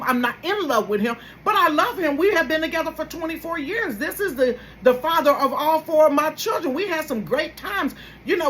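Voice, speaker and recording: A woman's voice: high-pitched, a little hiss or hum, low-quality recording. A woman, hosting a casual gossip commentary and talking straight to her viewers with sudden exclaimed bursts. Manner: animated, addresses viewers directly. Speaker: host.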